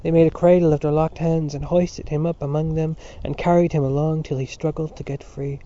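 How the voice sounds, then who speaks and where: Dark-voiced male audiobook narrator. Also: on the high side. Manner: measured, even storytelling. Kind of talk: scripted narration. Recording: dull lo-fi recording.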